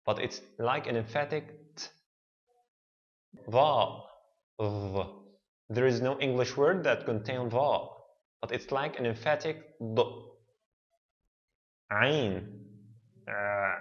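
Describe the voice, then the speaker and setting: A man who speaks Arabic natively, teaching an alphabet lesson in English and sounding out each letter slowly and deliberately. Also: mid-range voice, dull audio. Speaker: language teacher.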